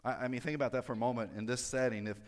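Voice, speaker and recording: A man delivering a sermon in a conversational way, full of fillers and small joking asides. His voice sits at an ordinary pitch and carries a long reverb from the church hall around him. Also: steady tone, racing. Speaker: pastor. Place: church sanctuary.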